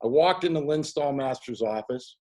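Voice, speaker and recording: A man who is a guest actor on a video call, telling an anecdote in a casual, animated way. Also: mid-range voice, moderate pace. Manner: animated storyteller, acts out quoted voices.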